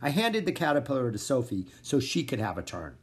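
An expressive narrator reading a children's chapter book aloud. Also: mid-range voice, fairly quick. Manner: expressive, animated storytelling. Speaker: audiobook narrator.

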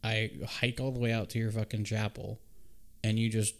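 A man's voice: fairly low pitch, normal speed. Man swearing through a movie recap. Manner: animated retelling with profane asides and acted-out quotes. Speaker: podcast host. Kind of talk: casual chat.

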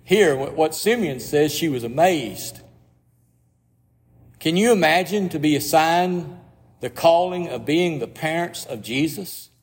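Man, pastor, sermon, slow delivery, reflective and hushed at times, long church reverb. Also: a little high, lively intonation. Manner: slow, reflective preaching with soft drops to near-whispers.

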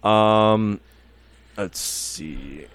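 In a dry recording, a young Mexican-American podcast host speaks extremely slowly in a smooth, lowish voice. He chats casually and rambles on, swearing freely and often laughing.

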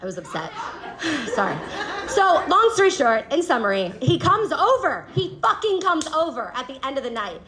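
A woman's voice: high voice, very animated, moderate pace, fairly bright tone. A woman telling a personal story on stage to a live audience, laughing often and swearing casually. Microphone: handheld microphone. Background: faint audience.

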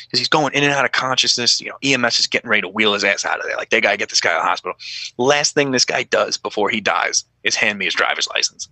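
A man's voice: medium pitch, fast, husky, no room sound. A man, a former police officer telling stories in a casual podcast chat, swearing freely and acting out the voices in his stories. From New York. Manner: profane, animated, acts out dialogue.

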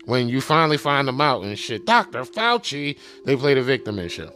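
A man's voice: mid-range voice, sing-song, a little fast. A man talking loosely and profanely in a rambling casual monologue, full of fillers and repeated asides. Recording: music playing behind the voice.

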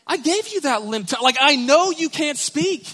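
A man's voice: extremely high pitch, lively intonation, normal speed, bright, forceful tone, pitched above the performer's own voice, full character voice. A male preacher voicing God as blunt and matter-of-fact, in an exaggerated, casual way. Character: blunt, no-nonsense God speaking to a man. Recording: reverberant church hall.

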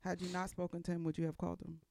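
A man's voice: sits high, monotone, rapid-fire, vocal fry, warm tone. A young man co-hosting a casual chat, pushy and pressing his friend for more. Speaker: podcast co-host.

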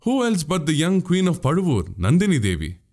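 A man's voice: a little high, wildly swooping pitch, fairly quick, a little mellow, voice pushed up. A man voicing a witty, boastful young male warrior in an audiobook, speaking grandly. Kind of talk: audiobook character voice.

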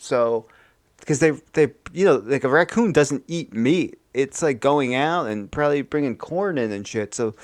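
A man co-hosting a comedy podcast, improvising a horror plot in a rambling, profane, deadpan way. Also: fairly high pitch, measured pace, no echo. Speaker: podcast co-host.

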